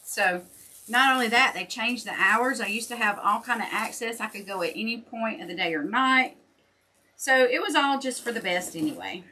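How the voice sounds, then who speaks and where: A chatty older woman with a drawl talks folksy and easy with her viewers while she crafts. Her voice sits a bit high, with a bright, forward edge to it. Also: moderate pace. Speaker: wreath maker and shop host. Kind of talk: casual livestream chat while crafting.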